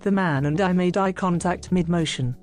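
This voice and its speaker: A text-to-speech woman's voice, pitched somewhat low, reads viewer stories in an even, mechanical manner and stumbles over a few words. Faint music sits behind it. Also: normal speed. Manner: flat, even reading with odd mispronunciations.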